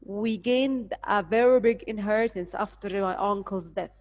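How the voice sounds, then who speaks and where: A woman's voice: medium pitch, normal speed. An Egyptian-accented woman teaching English vocabulary, explaining words patiently and spelling them out letter by letter. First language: Arabic. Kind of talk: recorded spelling lesson. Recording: dull lo-fi recording.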